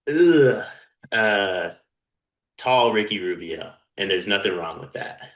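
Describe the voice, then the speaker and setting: A man's voice: lowish voice, lively intonation, takes it slowly, fairly bright tone. A man co-hosting a sports podcast, tossing out dry, joking one-liners in casual banter. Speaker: podcast co-host. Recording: echoey room.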